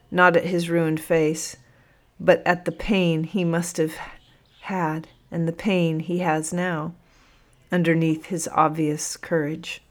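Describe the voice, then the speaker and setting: A woman narrating a first-person audiobook in a measured, emotional storytelling manner. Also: low-pitched.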